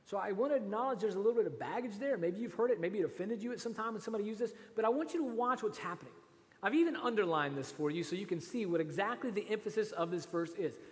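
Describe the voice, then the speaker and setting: Brief: male pastor, lively swooping high voice, chatty sermon in a reverberant church hall. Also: fast talker. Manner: animated, conversational, rhetorical asides.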